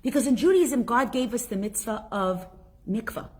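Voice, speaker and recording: Chatty husky woman teaching a class. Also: a little high, moderate pace. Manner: animated, chatty, reads out viewer comments. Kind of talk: live online class, casual lecture.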